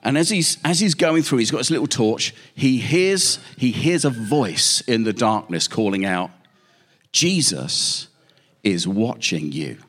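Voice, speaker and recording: A man preaching a sermon, telling stories with lively emphasis and repeated questions. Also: medium pitch, moderate pace, hardly any pauses.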